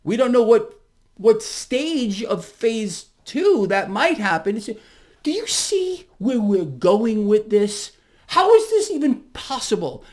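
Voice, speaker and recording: A man's voice: high-pitched, very animated, takes it slowly, darkish tone. A man with a Brooklyn accent giving a fired-up, emphatic market commentary rant to his viewers. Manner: hyped-up, emphatic, swearing.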